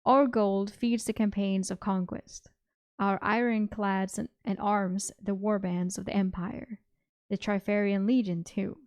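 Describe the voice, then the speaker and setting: Give me a woman playing a haughty, formal young nobleman in a storybook reading, with a warm, mellow tone. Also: mid-range voice, level tone, a little slow, dry recording, clean studio sound, close to an everyday voice. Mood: proud.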